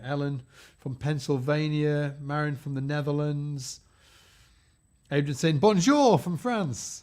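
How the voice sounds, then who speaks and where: A man hosting a live-stream bass lesson, chatty and upbeat, greeting viewers by name. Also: darkish tone. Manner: chatty and upbeat, reads out viewer names, frequent fillers and restarts.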